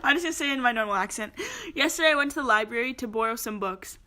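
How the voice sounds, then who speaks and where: A young woman chatting with friends and reading riddles aloud, loud and giggly, swearing often. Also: a little high, rapid-fire.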